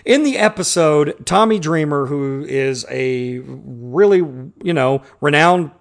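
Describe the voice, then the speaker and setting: A man's voice: fairly high pitch, expressive, slow pace, gravelly. A man co-hosting a podcast in casual chat, heated and profane, acting out quotes as he talks. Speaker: podcast co-host.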